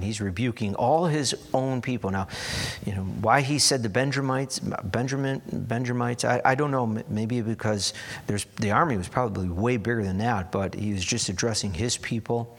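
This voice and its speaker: Man preaching a lively Bible story. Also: mid-range voice, a little slow, pauses often. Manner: animated, acting out the characters' lines. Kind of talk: sermon retelling a Bible story.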